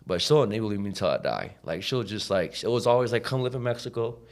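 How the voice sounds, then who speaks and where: Fast-talking low-voiced man telling his story. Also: lively intonation. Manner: profane, slangy, full of "like" and "you know"; acts out quoted people in his story. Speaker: podcast guest. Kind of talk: casual storytelling.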